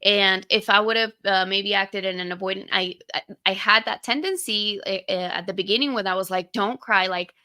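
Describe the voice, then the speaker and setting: A woman's voice: mid-range voice, brisk, few pauses, bright, forceful tone. A young woman co-hosting a podcast, talking candidly and casually, swearing now and then as she retells personal moments. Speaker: podcast co-host. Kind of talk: casual conversation.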